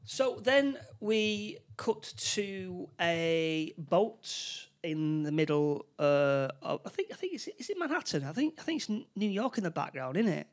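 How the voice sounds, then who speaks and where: Halting man retelling a film plot. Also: high-pitched, big pitch swings. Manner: halting, many restarts and tag questions. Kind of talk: casual film recap chat.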